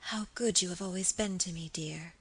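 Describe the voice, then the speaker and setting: A woman reading the part of a sweet but secretive young lady who speaks softly and coaxingly. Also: medium pitch, normal speed, lightly acted. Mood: whispering. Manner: soft, coaxing, at times whispered. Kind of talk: audiobook character reading.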